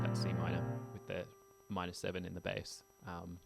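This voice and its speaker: Man, low voice, gravelly, casual music theory lesson, chatty, tired. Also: little pitch movement, fairly quick. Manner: chatty, sings rhythms with scat syllables. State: tired from poor sleep.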